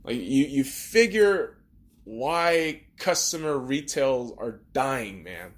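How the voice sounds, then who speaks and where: A man's voice: medium pitch, animated, takes it slowly. A man hosting a podcast, talking in a blunt, profane, ranting monologue. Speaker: podcast host.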